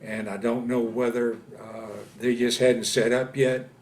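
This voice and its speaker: A man in his seventies from Louisiana, recounting his war experiences in an oral history interview, speaking haltingly with many pauses and fillers. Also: medium pitch, little pitch movement, darkish tone. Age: 70s. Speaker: veteran interviewee. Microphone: interview camera setup.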